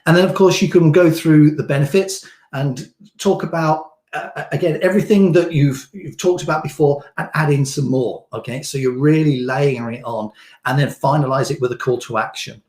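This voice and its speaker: A man's voice: on the high side, normal speed, a little mellow. Casual rambling male coach, echoey room. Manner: casual, rambling explanations with many fillers and restarts. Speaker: online business coach. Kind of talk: live teaching session. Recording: roomy echo.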